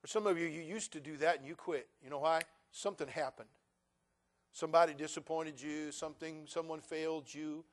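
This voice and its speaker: A middle-aged male pastor preaching a sermon, moving from folksy storytelling to loud, emphatic preaching. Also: a little high, fairly even intonation, brisk.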